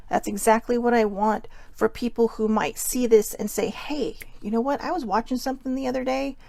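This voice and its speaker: A woman hosts a live self-care talk with a slightly high, gravelly voice. She speaks earnestly and heartfelt, leaning on repetition, close to the mic in a dry room. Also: no echo. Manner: earnest, heartfelt, repeats for emphasis. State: tearful. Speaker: host.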